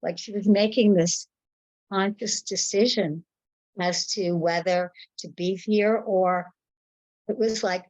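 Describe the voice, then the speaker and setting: A woman's voice: medium pitch, fairly even intonation, moderate pace, no room sound, low-quality recording. A woman sharing a personal memory in casual talk, rambling and searching for words, on a video call.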